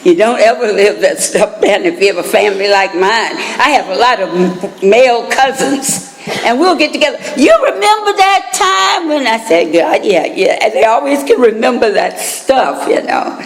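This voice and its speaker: A woman's voice: mid-range voice, expressive, normal speed. An older American woman telling her personal recovery story at a meeting, chatty and laughing through asides. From United States. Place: meeting hall. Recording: reverberant hall.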